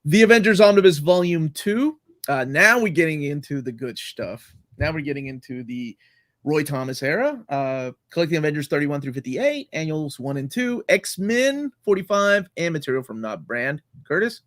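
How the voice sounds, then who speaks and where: A man's voice: on the high side, expressive, normal speed, a bit bright, no echo. A man hosting a casual video-call podcast, talking enthusiastically and rambling with lots of fillers. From Latin America. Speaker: podcast host. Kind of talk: casual comic-book chat.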